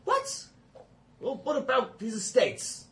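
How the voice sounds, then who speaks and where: A man's voice: high voice, expressive, a little fast. A man playing in a tabletop game, speaking in an indignant, theatrical way. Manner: indignant, theatrical in-character talk. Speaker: player. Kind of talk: tabletop role-play. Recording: echoey room with light noise.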